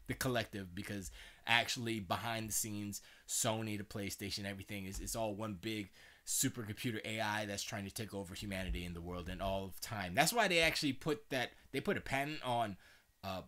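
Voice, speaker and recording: A man's voice: fairly low pitch, brisk, sharp tone. A man hosting a live stream, chatting casually in a rambling way with many restarts and stammers.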